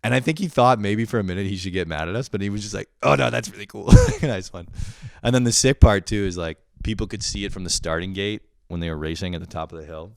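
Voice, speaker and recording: A man's voice: low-pitched, quick pace, no echo. A young man from Canada hosting a podcast, telling stories in a rambling, profane, casual monologue and laughing often. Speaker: podcast host.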